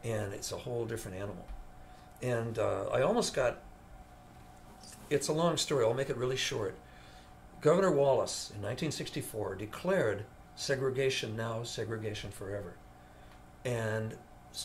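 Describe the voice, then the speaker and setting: An older man, a veteran studio guitarist, telling an animated story in an interview and acting out the voices of the people in it. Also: mid-range voice, normal speed, a little hiss or hum.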